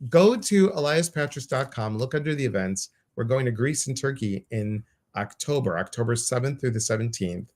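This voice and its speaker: A man's voice: medium pitch, lively intonation, normal speed, hardly any pauses, darkish tone. A man hosting a casual live-stream chat, effusive and rambling, full of fillers. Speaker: host.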